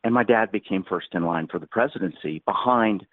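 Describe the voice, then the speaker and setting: A man's voice: on the low side, brisk, no room sound. A man in his sixties, a podcast guest, telling a long story in a rambling, vivid way and acting out the quotes. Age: 60s. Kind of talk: anecdotal storytelling in a podcast interview. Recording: tinny phone-like line.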